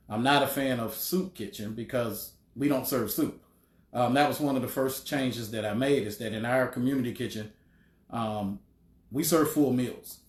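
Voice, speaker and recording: Measured man with many pauses, roomy echo. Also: medium pitch. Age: middle-aged. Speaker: homeless shelter director, guest. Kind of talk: casual interview talk.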